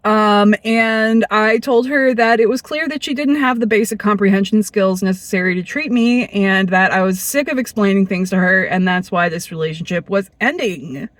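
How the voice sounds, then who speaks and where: A woman's voice: medium pitch, moderate pace, hardly any pauses, no echo. A woman telling a personal story in a candid, blunt monologue, swearing freely and acting out the people she quotes. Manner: blunt, profane, animated, acts out quoted people.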